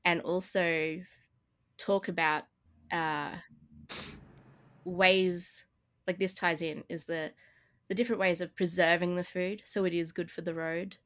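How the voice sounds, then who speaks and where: A woman's voice: fairly low pitch, steady tone, unhurried, long pauses. A woman co-hosting a casual tabletop-game podcast, rambling and laughing often. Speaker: podcast co-host. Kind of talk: casual chat.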